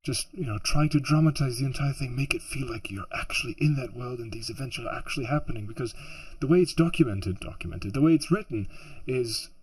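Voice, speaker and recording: A man's voice: medium pitch, fairly quick, few pauses, a little mellow, husky. A man who produces audiobooks, rambling casually through interview answers with many fillers and restarts.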